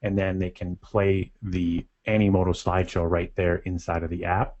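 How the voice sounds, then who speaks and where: A man with a fairly low voice explains things in an upbeat way. His audio comes through muffled and lo-fi, as if from a modest mic. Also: little pitch movement, moderate pace, a little mellow. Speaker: company representative, co-host. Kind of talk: webinar talk.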